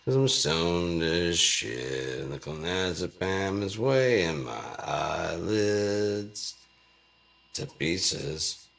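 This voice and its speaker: Gravelly deep-voiced man rambling. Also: animated, drawn-out words, fairly bright tone. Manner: rambling, profane, joking. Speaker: vlogger. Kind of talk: rambling casual monologue.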